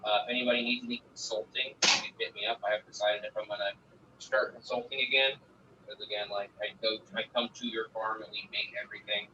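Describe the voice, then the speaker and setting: A man's voice: on the low side, steady tone, quick pace. A man talking casually and profanely about growing, rambling through numbers and stories. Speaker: guest grower. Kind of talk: casual livestream chat. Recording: distant lo-fi mic with faint noise.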